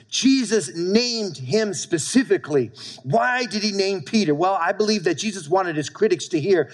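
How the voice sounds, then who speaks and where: A man's voice: high voice, expressive, moderate pace. A man preaching a sermon to his church, emphatic and repetitive, often asking the congregation for an amen. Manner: emphatic preaching, repeating lines and calling for amens. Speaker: pastor.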